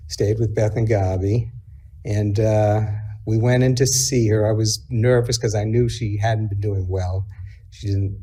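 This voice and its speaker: A middle-aged man delivers a eulogy at a memorial service, his voice mellow and a touch husky. He talks in a halting, reflective way, with pauses and small fillers. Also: on the low side. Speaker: eulogy speaker, son.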